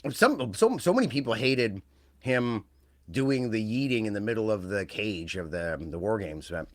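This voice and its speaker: A man's voice: on the low side, expressive, moderate pace, no room sound. A man co-hosting a wrestling podcast, talking in a rambling, casual way that trails off and restarts. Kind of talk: casual chat.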